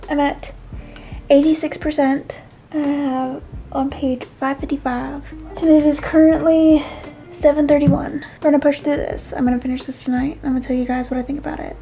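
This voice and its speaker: A woman's voice: sits high, flat delivery, normal speed, warm tone, rough recording. A woman chatting expressively to her viewers in a casual reading vlog. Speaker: book vlogger.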